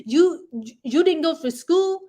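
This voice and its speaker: A woman's voice: very high voice, expressive, slow, warm tone, pitched above the performer's own voice, heavily acted. A woman voicing a smug, scolding young husband in exaggerated mocking quotes.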